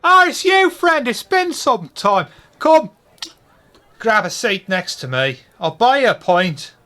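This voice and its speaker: A man's voice: high voice, big pitch swings, slow pace, sharp tone, pitched above the performer's own voice, exaggerated voice. A man doing a boisterous communist pub regular. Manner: boisterous, preachy. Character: rowdy male Irish communist pub regular.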